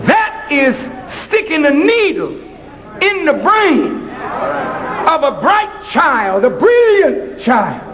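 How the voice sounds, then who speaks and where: A man from Boston giving an impassioned public address at a college, emphatic and preacherly, rising to shouts. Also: very high-pitched, sing-song, slow pace, big-room sound, crowd noise, low-quality recording. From Boston, United States. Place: college auditorium.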